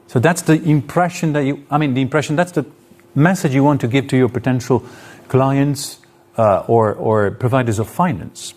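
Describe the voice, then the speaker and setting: A man's voice: mid-range voice, normal speed, darkish tone. A man lecturing to an audience in a hall, explaining his points with spoken examples and shifts in intonation. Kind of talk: live lecture.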